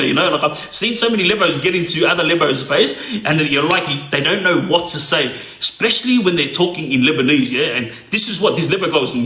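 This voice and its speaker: An Australian man with a fairly high, bright, pushed voice tells a crime story in a casual, streetwise way, regularly checking in with the listener by asking "yeah?". The recording is reverberant.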